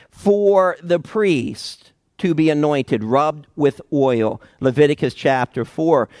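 In a close, dry recording with no room sound, a man gives a sermon, lingering on every important word and pausing with care. His pitch runs slightly high for a male voice. He expounds the Bible slowly and with emphasis, letting dramatic silences hang between phrases.

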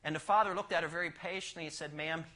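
A male pastor preaching in a high, bright voice. He throws rhetorical questions at the congregation and keeps shifting between hushed and loud lines and between fast and slow pacing. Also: fairly even intonation. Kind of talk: sermon.

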